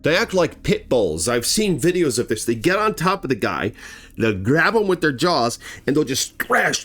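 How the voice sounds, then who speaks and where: Horror channel host, male: a dramatic storyteller with a higher, swooping voice who acts out the violence. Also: sing-song, normal speed. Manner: dramatic, acts out the action with sound words and shouts. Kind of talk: animated retelling of a true bear attack.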